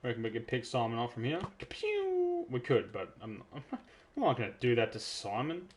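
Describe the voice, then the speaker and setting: A man from South Australia with an Australian accent, giving chatty, excitable live commentary while streaming a game. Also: medium pitch, fairly quick, slight background noise. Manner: chatty, excitable, self-interrupting. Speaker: gaming streamer.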